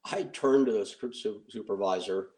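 A middle-aged man casually telling a wry, animated anecdote and acting out the voices he quotes. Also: lowish voice, normal speed, poor audio. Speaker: storyteller recounting film production.

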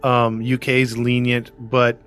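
A man's voice: medium pitch, completely flat delivery, slow, fairly bright tone, clear, resonant tone, soft background music. A man who narrates a true crime podcast, chatting in an easygoing way and chuckling along. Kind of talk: casual chat.

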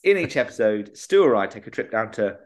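Man, young adult, podcast co-host, lively pitch, rambling, hesitant. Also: brisk. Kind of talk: casual chat.

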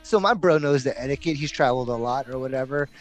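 A man's voice: mid-range voice, fast, faint music behind. A middle-aged man hosting a podcast, telling a story in a loose, rambling way, full of "like" and "you know". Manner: laid-back, rambling, heavy use of "like" and "you know". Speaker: podcast host. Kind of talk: casual storytelling chat.

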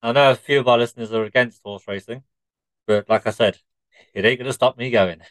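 Deadpan man telling long jokes. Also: mid-range voice, dry recording, poor audio. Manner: deadpan, drawn-out shaggy-dog storytelling. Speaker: podcast co-host. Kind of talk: joke-telling podcast chat.

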